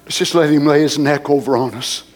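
A man preaching and praying with fervor, swinging between soft murmured prayer and loud high exclamations. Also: steady tone, a little fast. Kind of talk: emotional sermon and prayer.

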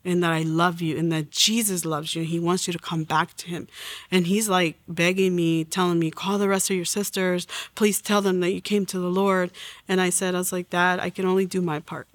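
Forties, earnest storyteller, dry close sound, middle pitch, personal faith testimony. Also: little pitch movement, fairly quick, no room sound. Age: 40s. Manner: earnest storytelling, acts out quoted speech. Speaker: testimony guest.

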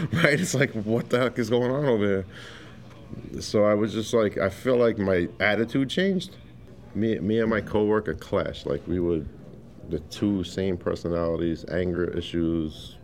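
Deep-voiced man telling his story. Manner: animated storyteller who acts out quotes, many fillers. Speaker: interviewee sharing his story. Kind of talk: casual personal testimony.

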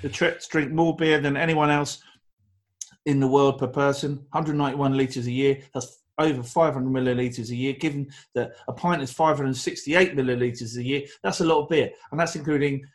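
Man, casual co-host, enthusiastic, rambling, mid-pitched voice. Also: steady tone, moderate pace. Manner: rambling, enthusiastic, with frequent restarts and fillers. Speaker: podcast co-host. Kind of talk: casual beer-tasting chat.

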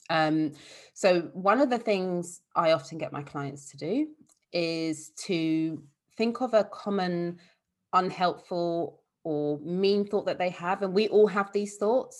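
A woman therapist for eating disorders, talking in a casual, explanatory way in an interview. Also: fairly low pitch. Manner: warm, explanatory, fillers like "like" and "you know".

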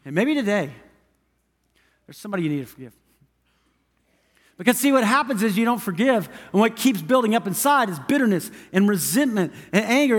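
A man's voice: sits high, long reverb tail. A man preaching a sermon as pastor in a church, with an emphatic, repetitive cadence. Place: church sanctuary.

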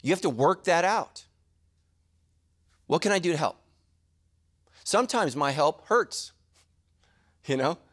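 A middle-aged man preaching a sermon as a pastor, animated and jokey, with quick asides to the congregation. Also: fairly high pitch.

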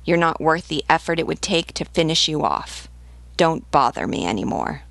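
A swaggering, scornful soldier, read by a woman narrator taunts in a creaky, gravelly voice. His tone mocks and sneers. The recording is dry and close, like a storybook read aloud. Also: low voice, big pitch swings, moderate pace, fairly bright tone, no room sound, heavily acted. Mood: grumbling. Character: brash mocking wounded male soldier.

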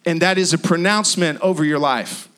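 A male pastor preaching a sermon in an emphatic, repetitive style with dramatic pauses. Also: fairly high pitch, a bit bright.

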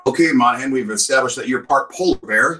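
Male podcast co-host, emphatic storyteller, mid pitch, slightly off-mic. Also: fast, pushed and bright. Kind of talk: casual podcast chat. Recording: voice a bit distant from the mic.

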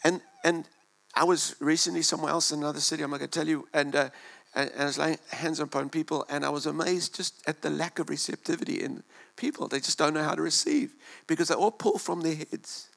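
A male pastor preaching a sermon in a church, impassioned, swinging between loud and hushed delivery and repeating words as he goes. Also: on the high side, fairly even intonation, quick pace, vocal fry.

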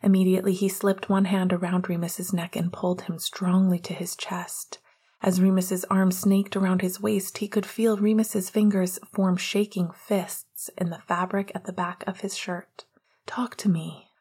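Woman reading a story aloud, low breathy voice, soft and hushed. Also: flat delivery, moderate pace. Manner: soft, hushed, gentle narration. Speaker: narrator. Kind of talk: audiobook reading of fan fiction.

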